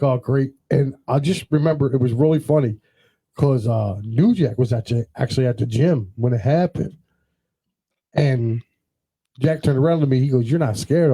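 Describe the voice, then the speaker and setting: A man's voice: mid-range voice, warm tone, slightly rough, poor audio. A man hosting a casual podcast, telling rambling stories and acting out what others said. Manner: rambling anecdotal storytelling, quotes others in dialogue. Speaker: podcast host.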